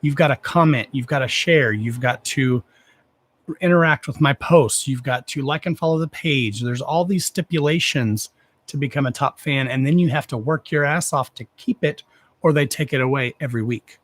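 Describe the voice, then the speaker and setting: A man's voice: medium pitch, normal speed, a bit bright. A man hosting a casual livestream, talking to his viewers bluntly and with lots of swearing while gushing over them. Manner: blunt, profane, affectionate toward viewers. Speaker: livestream host.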